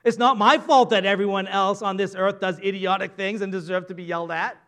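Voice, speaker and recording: A man with a very high voice acting out a quick-tempered man who justifies his anger in a sermon example. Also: steady tone, a bit bright. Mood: self-justifying. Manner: self-justifying, indignant. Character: quick-tempered adult man making excuses.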